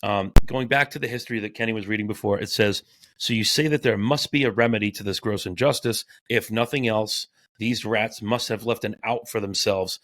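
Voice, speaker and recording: A man co-hosting a casual podcast, reading aloud and riffing, animated, swearing and tripping over his words. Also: fairly low pitch, brisk, no room sound. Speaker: podcast co-host.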